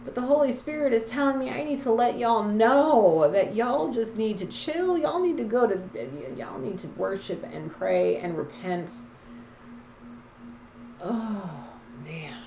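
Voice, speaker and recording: A woman's voice: on the high side, measured pace, creaky, background noise. A woman in an echoey room gives a casual card reading, talking straight at the listener. She is blunt and preachy with a teasing streak. The sound is slightly dull and a little muffled. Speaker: tarot card reader.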